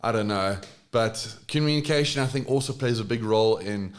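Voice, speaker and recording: A man's voice: on the low side, fairly quick. A young man, a podcast guest in casual chat, laid-back and swearing freely.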